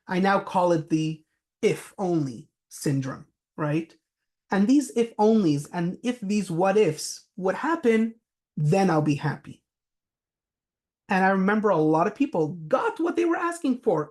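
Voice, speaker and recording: A man's voice: high-pitched, expressive, a little slow, a little mellow. Man telling a story in a business talk. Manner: anecdotal storytelling with fillers. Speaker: presenter.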